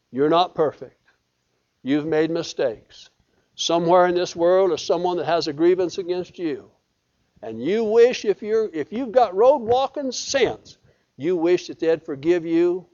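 A man's voice: sits high, darkish tone, highs cut off. A man preaching a sermon in a folksy, emphatic way, often repeating his phrases. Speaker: pastor.

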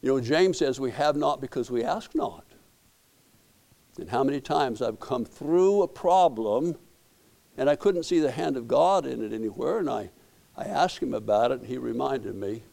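Gravelly folksy pastor preaching. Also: male voice, medium pitch, expressive, moderate pace, mellow. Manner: folksy storytelling with repeated words and restarts. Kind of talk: sermon.

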